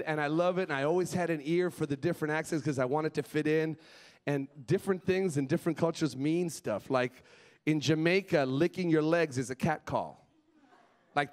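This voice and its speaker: A middle-aged Scottish man doing a chatty, animated stand-up comedy set. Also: a little high. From Scotland. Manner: chatty, animated, slips in and out of impressions.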